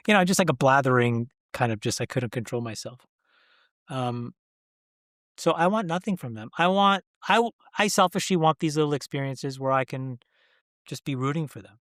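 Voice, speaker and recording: A man's voice: medium pitch, normal speed, a bit bright, dry recording, clean studio sound. A man in his forties, a guest in an interview, talking earnestly and emphatically, often restarting mid-sentence. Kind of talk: candid interview conversation.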